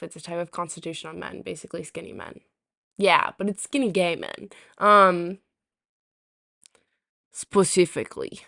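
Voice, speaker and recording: A woman's voice: fairly low pitch, vocal fry, pushed and bright, no room sound, studio quality. A woman streamer chatting casually on a live stream, rambling with lots of ums, her throat sore and a little rusty. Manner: rambling, full of ums and restarts. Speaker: live streamer reading chat.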